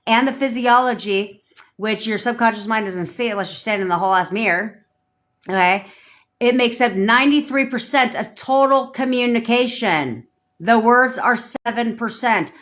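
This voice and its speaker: A woman's voice: on the high side, fairly bright tone. A woman manifestation coach on a livestream, ranting bluntly with lots of swearing and repeating commanding affirmations.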